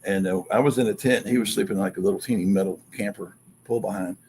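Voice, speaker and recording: A man telling an excited story as a guest, acting out quotes and sounds in an animated way. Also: fairly low pitch, fast, a little hiss or hum.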